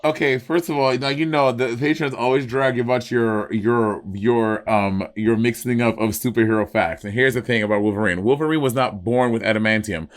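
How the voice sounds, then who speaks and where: A man co-hosting a casual chat, animated and playfully argumentative, often laughing. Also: mid-range voice, a little fast, few pauses. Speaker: podcast co-host.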